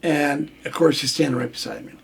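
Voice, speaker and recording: Older man, radio guest, gravelly, plainspoken storyteller. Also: on the high side, brisk. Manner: plainspoken, acts out quoted lines. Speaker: guest, former referee. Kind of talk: candid storytelling.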